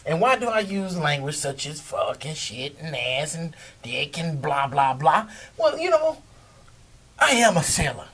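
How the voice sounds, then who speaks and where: A man hosts his own show in a loose, casual monologue, cursing and laughing as he talks back to critics. His pitch swings lively up and down. The mic sits some distance away. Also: a little slow.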